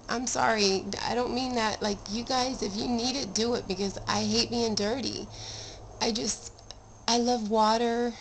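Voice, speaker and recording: A woman's voice: medium pitch, a little hiss or hum, low-quality recording. A middle-aged woman telling her own story of a long illness in casual, heartfelt talk, earnest and rambling, with restarts and sudden emphatic rises.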